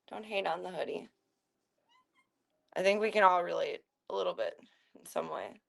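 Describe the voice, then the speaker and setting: A woman's voice: on the low side, normal speed, creaky, pauses often. A woman streamer chatting casually at home, fussing over her pet in doting, playful baby talk and laughing often.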